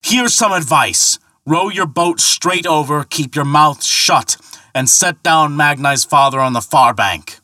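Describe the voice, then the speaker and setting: Give me a man playing a furious thunder god with a loud, bright, roaring voice. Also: mid-range voice, animated, normal speed, few pauses, dry recording, clean studio sound, voice pushed up.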